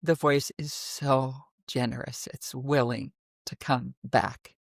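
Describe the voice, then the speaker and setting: A woman from the American Midwest with a naturally deep voice, an interview guest telling her story expressively and animatedly. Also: takes it slowly, creaky, dry recording, clean studio sound. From middle of the United States. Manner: expressive, animated storytelling with sudden vocal demonstrations. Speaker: guest, voice teacher. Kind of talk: conversational interview.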